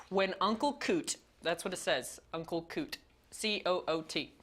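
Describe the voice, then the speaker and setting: A woman's voice: on the low side, a little slow, fairly bright tone. A woman hosting a party word game on a TV show, reading prompts aloud and laughing often. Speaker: host. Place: TV studio with guests.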